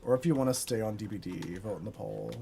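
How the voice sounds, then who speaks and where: A woman streamer giving chatty, expressive live commentary while she plays, full of quick reactions and playful complaints. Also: extremely low pitch, vocal fry, slight background noise.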